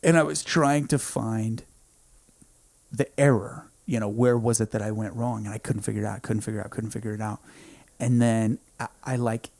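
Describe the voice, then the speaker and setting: A man in his thirties, a podcast guest in a home studio, telling a story in an intense, emphatic way, often saying "dude" and swinging between hushed and loud. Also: lowish voice, fairly even intonation, moderate pace, creaky, no echo. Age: 30s. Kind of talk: casual storytelling.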